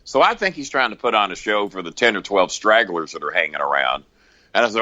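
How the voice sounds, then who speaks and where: Guy swearing his way thru a story, low voice, bright edge, pitch jumping all over, kinda dull lo-fi sound. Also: fast, dry recording. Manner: profane, animated raconteur. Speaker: podcast guest. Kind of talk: casual storytelling.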